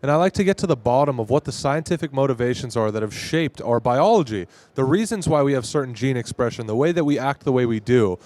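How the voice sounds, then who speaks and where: A man's voice: medium pitch, animated, fast talker, hardly any pauses, a little mellow. A man from Arizona speaking in an emphatic, opinionated way in a casual conversation at a convention. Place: convention floor.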